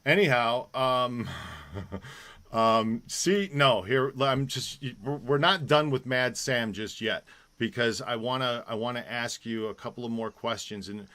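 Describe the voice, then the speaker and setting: A man's voice: medium pitch, unhurried, sharp tone. A man hosting a live online show, chatting casually and rambling with many fillers and restarts. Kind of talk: casual live-stream chat.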